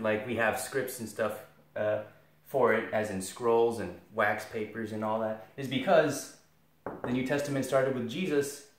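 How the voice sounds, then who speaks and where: A man giving a casual, joking Latin lesson, sarcastic and rambling, with self-deprecating asides. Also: lowish voice. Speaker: video tutor for Latin students. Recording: echoey room.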